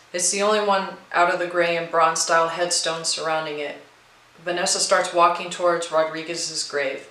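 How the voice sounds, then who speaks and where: A woman narrating a horror storybook with a steady, expressive reading. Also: on the low side, roomy sound, low-quality recording. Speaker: narrator and co-writer.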